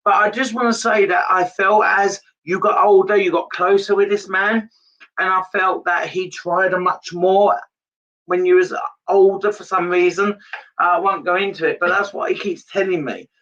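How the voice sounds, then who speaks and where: A man's voice: high-pitched, steady tone, normal speed, a bit bright, distant mic, lo-fi sound. A man giving a live psychic reading, earnest and repetitive in his phrasing. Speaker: medium.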